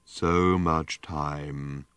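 A man voicing a despairing aged robot, deep and dragging, audiobook character, dry close recording. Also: fairly even intonation, a bit bright, clear, resonant tone, no echo, full character voice. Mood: gloomy. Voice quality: slow, mournful, self-pitying drone. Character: ancient gloomy rusted male robot.

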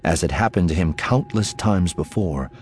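A man narrating an audiobook in a measured, expressive storytelling manner. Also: sits low. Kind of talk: scripted narration.

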